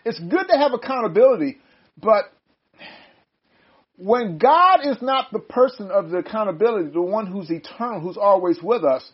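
An older man leading a casual Bible study, chatty and quick to laugh, often breaking off his own sentences. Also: sits high, animated, breathy edge. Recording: dull lo-fi sound.

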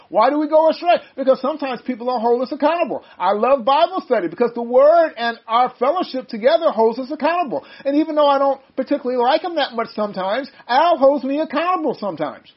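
An older man with an unusually high voice leads a relaxed Bible study, his delivery lively and full of laughter. He keeps breaking off mid-sentence to start again. The recording sounds dull and lo-fi. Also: quick pace, few pauses. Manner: chatty, self-interrupting, laughs often. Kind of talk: casual group Bible study.

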